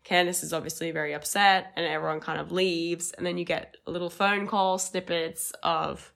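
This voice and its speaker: A woman with an Australian accent, co-hosting a podcast in lively casual chat, swearing casually. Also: lowish voice, moderate pace, gravelly. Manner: animated, swears casually, quotes people in voices. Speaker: podcast co-host.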